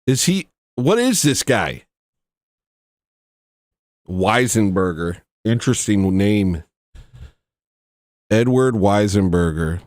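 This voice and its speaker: A tired man hosting a livestream, talking casually in a rambling, mocking, irreverent way with sudden high-pitched outbursts. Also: very animated, slow pace, long pauses, dry recording, studio quality. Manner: slips into loud high-pitched bursts. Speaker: livestream host.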